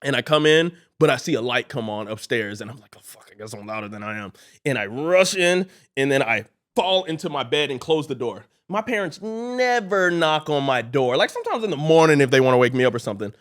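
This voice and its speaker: A man in his thirties, a podcast co-host, telling a story in a casual, animated way with stammered restarts. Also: on the high side, brisk, few pauses.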